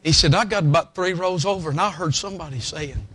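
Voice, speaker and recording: A man's voice: on the high side, fast talker, a bit bright, breathy edge, no room sound. A man preaching a sermon as a folksy, emotional story, now and then breaking into a hymn.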